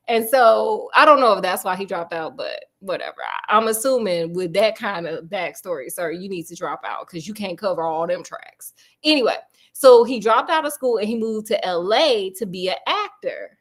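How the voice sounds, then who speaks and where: A woman's voice: fairly high pitch, expressive, normal speed. A woman host telling a true story in a casual, sassy, chatty way, full of slang asides.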